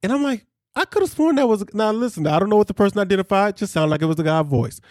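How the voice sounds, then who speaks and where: A man co-hosting a podcast in casual chat, animated and jokey. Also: high voice, no echo, studio quality. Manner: animated, jokey, quick asides. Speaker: podcast co-host.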